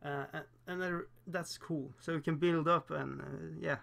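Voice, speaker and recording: On a casual livestream, a Norwegian man paints miniatures and talks in Norwegian-accented English, which isn't his first language. His voice is a little high with a gravelly roughness. Chatty and quick to mock himself, he laughs frequently and hesitates with fillers.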